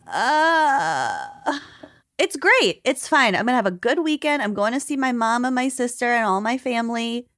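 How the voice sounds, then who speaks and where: A woman's voice: fairly high pitch, very animated, normal speed, a bit bright. A woman co-hosting a podcast in casual chat, bubbly and laughing often. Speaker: podcast co-host. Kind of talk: casual chat and read sponsor ad.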